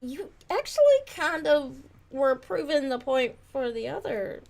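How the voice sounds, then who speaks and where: A woman co-hosting a livestream in casual chat, animated and exclaiming as she reads comments aloud. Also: sits high, measured pace, creaky. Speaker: livestream co-host.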